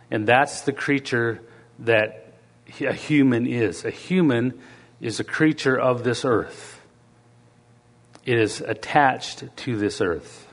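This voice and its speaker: A man's voice: mid-range voice, big-room sound. A middle-aged man preaching a sermon in a church, talking in a conversational way and asking the congregation questions.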